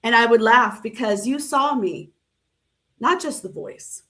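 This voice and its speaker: A woman poet reading her dedication poem in a measured, deliberate way. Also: fairly high pitch, animated, sharp tone. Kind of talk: spoken word poetry reading.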